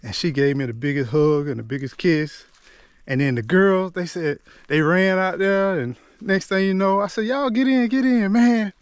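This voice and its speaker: A man's voice: a little high, normal speed, smooth, no room sound. A middle-aged man telling a personal story to the camera, chatty and loose, often dropping in "man" and restarting his words as he remembers. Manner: conversational, drops in "man" and "you know what I'm saying" often; repeats and restarts words as he recalls. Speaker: motivational vlogger.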